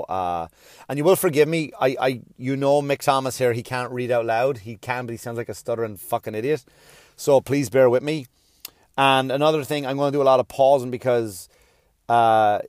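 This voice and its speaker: A man's voice: mid-range voice, darkish tone, no echo, clean studio sound. A man hosting his own podcast, talking in a rambling, self-deprecating way and swearing casually. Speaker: podcast host.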